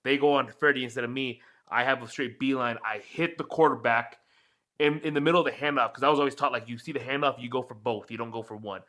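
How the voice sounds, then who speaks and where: A young man co-hosting a podcast, telling his sports stories in animated casual chat and swearing often. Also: mid-range voice, fast. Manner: animated storytelling, heavy swearing. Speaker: podcast co-host.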